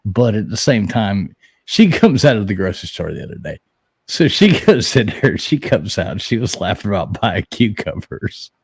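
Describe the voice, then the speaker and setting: A man's voice: on the low side, big pitch swings, moderate pace, gravelly, breathy edge, dry recording, clean studio sound. A man with a Southern US accent, hosting a casual live chat and telling a funny story with lots of swearing and laughing. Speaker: host.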